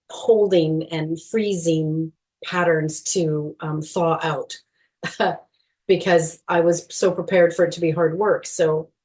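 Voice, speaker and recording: A middle-aged woman speaking as a guest in a podcast interview, earnest and animated, with frequent small laughs and fillers. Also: fairly low pitch. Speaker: guest, movement educator.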